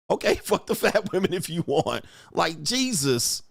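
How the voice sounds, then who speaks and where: A man's voice: fairly high pitch, very animated, unhurried, creaky, no room sound, clean studio sound. A man in his forties hosting a livestream, ranting crudely and boisterously, mocking critics and reading viewer comments aloud. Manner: profane, boisterous, mocking, reads viewer chat. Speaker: livestream host.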